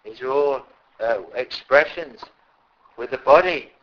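A man preaching a sermon in an earnest way, rising to loud pleading calls at times. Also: medium pitch, a little slow, lo-fi sound.

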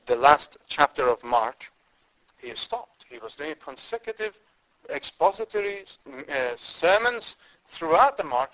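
A man's voice: a little high, pushed and bright. A man from India preaching a sermon, impassioned, with emphatic rises and repeated words. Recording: dull lo-fi recording.

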